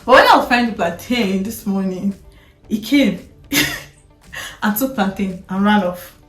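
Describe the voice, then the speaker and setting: A woman's voice: mid-range voice, lively intonation, a little slow, a bit bright, faint music behind. A woman in her thirties with a Nigerian accent, chatting candidly to camera as a vlogger, talking with frequent laughs and restarts. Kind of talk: candid personal chat to camera. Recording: echoey room.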